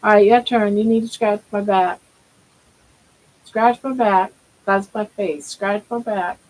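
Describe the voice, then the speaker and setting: A woman's voice: medium pitch, fairly even intonation, measured pace, a little mellow, rough recording. An older woman hosting a casual live stream from home, talking baby talk to her pet and musing aloud about her weight.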